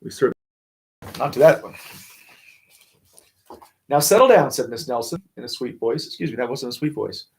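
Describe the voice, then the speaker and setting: A man reads a children's picture book aloud on a livestream for students. His voice sits at an ordinary middle pitch. He keeps stopping to chat and comment on the pictures. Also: quick pace, vocal fry, a little mellow, low-quality recording. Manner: chatty, with frequent asides and comments on the pictures. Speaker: school staff reading to students. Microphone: phone or camera for a livestream.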